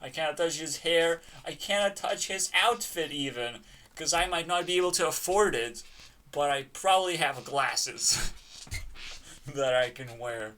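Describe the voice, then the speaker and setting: A man with a fairly high, bright, forceful voice rants through a reaction video. He mocks what he hears, swears freely and breaks into laughter. His delivery is loose, loud and animated. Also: measured pace. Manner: ranting, mocking, laughs often. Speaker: channel host reacting to a video. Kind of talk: profane reaction commentary.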